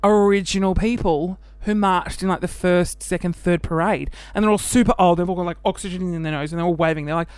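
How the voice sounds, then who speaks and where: In a dry recording, a smooth, high-pitched Australian man chats on the show he hosts. He's camp and animated, laughing as he breaks into quick mock voices during the casual conversation.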